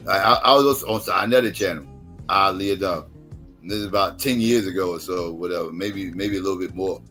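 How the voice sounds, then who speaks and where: A man's voice: low-pitched, fairly quick, pushed and bright, faint music behind. A man hosting a late-night live stream, telling stories in casual profane talk and acting out quoted voices, sounding tired.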